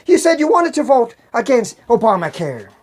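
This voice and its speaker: A woman voicing an old male Easter Bunny in a joke, talking slowly and deliberately. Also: a little high, sing-song, a little mellow. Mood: probing.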